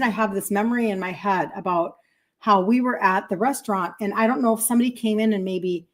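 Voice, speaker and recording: A woman in her fifties hosts a casual livestream and tells a rambling personal story. Her voice sits fairly high, and she keeps pausing to thank viewers for their comments. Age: 50s. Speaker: health coach hosting a livestream.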